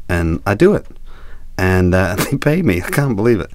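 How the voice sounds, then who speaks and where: A man, a ship captain, telling a comic story to an audience in a lively way with hesitant restarts. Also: deep voice, normal speed, no room sound.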